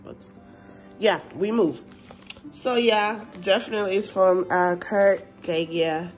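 A woman chatting excitedly in a casual vlog at home, gushing over an unboxing, a little stuffy from a cold; English is not her first language. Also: medium pitch, takes it slowly, faint music behind. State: slightly congested from a cold. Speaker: vlogger.

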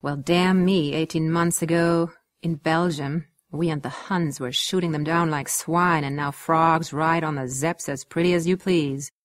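A woman voicing a portly middle-aged English gentleman who talks slowly, loudly and with bluster. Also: sits low, steady tone, dry recording.

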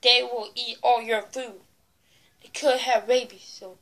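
A woman's voice: a little high, steady tone, unhurried, fairly bright tone. A woman vlogging in a casual, rambling and playful way, talking straight to her viewers. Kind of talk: casual chat to camera.

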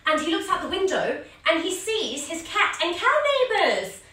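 A woman's voice: very high voice, sing-song, normal speed, sharp tone, far from the mic. A woman teaching a children's yoga class, telling a story as she guides the poses, playful and sing-song with animal sounds. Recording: echoey room, voice a little off-mic.

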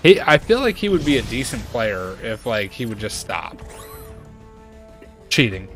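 A man streaming a game and chatting casually, ranting in an animated way and jumping to high exclaims. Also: a little slow, soft background music. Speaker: gaming streamer. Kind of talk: casual chat while playing a game.

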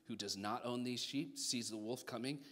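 A male pastor preaching a sermon, acting out voices in his stories, swinging between loud bursts and hushed asides, with jokey remarks. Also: mid-range voice, moderate pace. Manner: animated storytelling, acts out voices, jokey asides.

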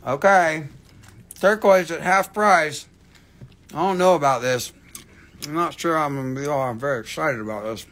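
A man's voice: on the high side, moderate pace, a bit bright. A man hosting a live rock-selling stream, rambling casually, swearing freely and calling out prices to viewers.

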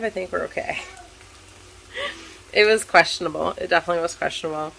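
A woman with a scratchy, hoarse voice chatting casually in a vlog, telling a story in an animated way while cooking at home. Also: on the low side, fast talker, long pauses. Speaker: vlogger, stay-at-home mom.

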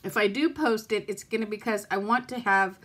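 A woman's voice: medium pitch, a little fast, a bit bright. A woman vlogging from her home in rambling casual chat to camera, frustrated and close to tears. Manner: frustrated, rambling, self-talk.

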